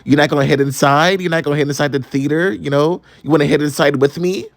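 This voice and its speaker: A man's voice: fairly high pitch, steady tone, quick pace, no echo, natural voice. A man voicing a sassy, overly friendly big college guy who flirts. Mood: friendly, nosy.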